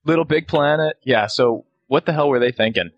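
A man talks quickly and emphatically, giving firm opinions as a podcast co-host. His voice sounds dry and close, with no room echo. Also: on the high side, creaky, dull audio. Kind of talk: casual chat.

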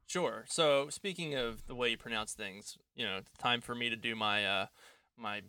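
Gravelly, bright-voiced man co-hosting a podcast. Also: medium pitch, normal speed. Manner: self-deprecating, rambling, laughs easily. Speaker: podcast co-host. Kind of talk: casual podcast chat. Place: at home.

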